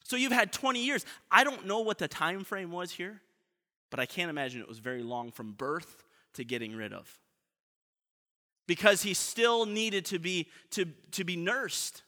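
High, bright-voiced preacher man in a hall. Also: normal speed. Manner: earnest, often trailing off softly. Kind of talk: sermon. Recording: long reverb of a large hall.

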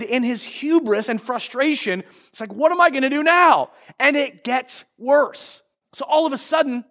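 A man's voice: extremely high pitch, a bit bright. A male pastor preaching a sermon, retelling a story and acting out the quoted lines, often restarting his phrases.

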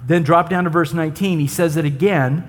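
A man preaches a sermon in a rather high voice, talking to his congregation as if in conversation. He keeps checking in with rhetorical questions. His voice rings out with the long reverb of a church hall. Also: a little fast. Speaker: pastor.

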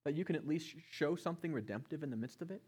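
A middle-aged man preaching a sermon, passionate, swinging between loud emphasis and hushed tones. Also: a little high, expressive, very fast, breathy edge. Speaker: pastor.

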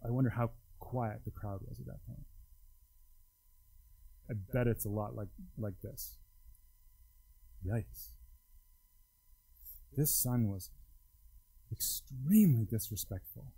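A man's voice: slow, vocal fry, long pauses, dark tone, slightly rough, rough recording. A man preaching a sermon in a conversational, emphatic way, his voice rising and dropping widely. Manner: conversational, emphatic, wide pitch swings. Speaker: pastor.

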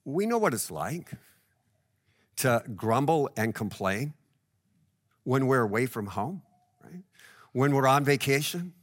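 A man's voice: mid-range voice, sing-song, slow, pauses often, a bit bright. A male pastor preaching a sermon in a conversational way, tying the scripture to everyday examples and often checking in with "right?".

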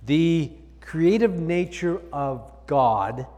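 Pastor with a slightly high voice preaching in a reverberant hall. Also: male voice, lively intonation, very slow, a little mellow. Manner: reads scripture aloud, then explains with emphatic repetition. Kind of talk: sermon.

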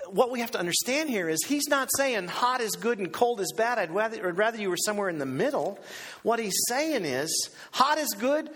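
A man preaching a sermon as pastor, animated and theatrical, acting out the voices he quotes. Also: long reverb tail. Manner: animated, acts out quoted voices with big pitch swings.

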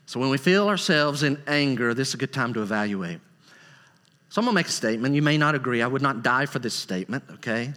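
Emphatic preacher man in a reverberant hall. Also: fast talker. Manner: emphatic, rising to high excited bursts. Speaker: pastor. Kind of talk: sermon. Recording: long reverb of a large hall.

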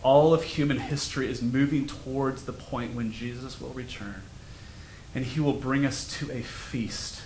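A man's voice: medium pitch, steady tone, moderate pace, darkish tone, roomy sound, a little hiss or hum. A male pastor preaching a sermon in a conversational, storytelling way. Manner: conversational, self-deprecating storytelling. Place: church sanctuary.

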